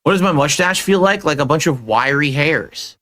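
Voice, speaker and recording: A streamer from Connecticut with a bright, cutting voice that sits a touch high for a man. He explains things in a matter-of-fact way and stays cocky throughout. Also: lively intonation, normal speed, no echo. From Connecticut, USA. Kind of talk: casual streaming talk.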